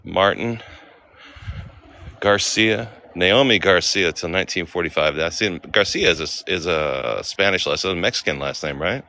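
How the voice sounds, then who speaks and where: A man's voice: sits low, measured pace, bright, forceful tone, slight background noise. A man casually vlogging on a walk, chatting to viewers and reading names aloud. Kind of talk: casual livestream walk-and-talk. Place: outdoor cemetery.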